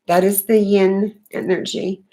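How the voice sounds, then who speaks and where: A woman talking unscripted about her spiritual awakening, earnest and halting, with many fillers and restarts. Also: medium pitch, little pitch movement, dark tone. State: tearful. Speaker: spiritual vlogger.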